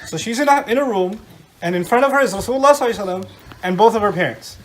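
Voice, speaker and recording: A middle-aged man giving an animated religious lecture to a live audience, often quizzing his listeners with questions. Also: high-pitched, rapid-fire. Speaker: Islamic lecturer.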